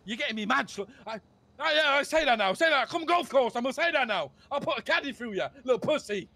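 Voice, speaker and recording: A man's voice: very high-pitched, expressive, fast talker, vocal fry, pushed and bright, dry recording, full character voice. A man voicing a hot-headed young male crew boss in a game role-play, ranting and swearing. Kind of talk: GTA role-play voice chat.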